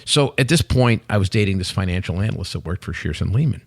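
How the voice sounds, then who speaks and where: A man in his sixties, a podcast guest, telling stories in a lively casual chat and acting out the dialogue. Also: low-pitched, quick pace, creaky, no room sound, studio quality. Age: 60s. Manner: animated storyteller who acts out quoted dialogue. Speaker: podcast guest, company head.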